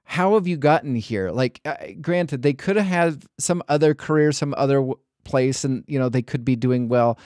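A man's voice: mid-range voice, steady tone, normal speed, hardly any pauses, darkish tone, no echo, clean studio sound. A man hosting a podcast, chatting casually in a rambling way, full of restarts and hedges. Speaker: podcast host.

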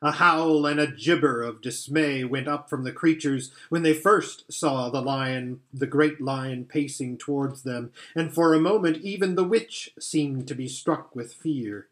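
A man reading a children's novel aloud as story narration, in a slow, deliberate manner. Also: medium pitch, fairly bright tone. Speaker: audiobook reader.

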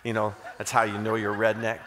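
Talking fast in a lowish, slightly bright voice with completely flat delivery, a Kentucky man with a Southern accent gives a guest sermon full of folksy humor and self-deprecating stories. The church auditorium adds long reverb, plus a little hiss or hum.

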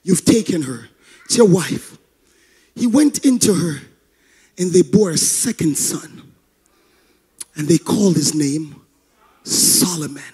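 A male pastor preaching a sermon in a chanted, sing-song cadence with rhythmic breaths, building to shouted passages. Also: a little high, animated, slow, long pauses, breathy edge. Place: church service.

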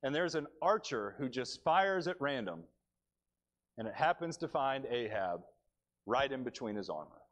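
A male preacher delivering a sermon in church, telling the story with animated, dry humor. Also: mid-range voice, moderate pace, muffled recording.

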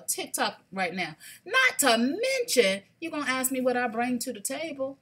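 A woman, hosting a casual live shopping stream, sassy and animated, talking straight to her viewers. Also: a little high, moderate pace, breathy edge. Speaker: livestream shopping host.

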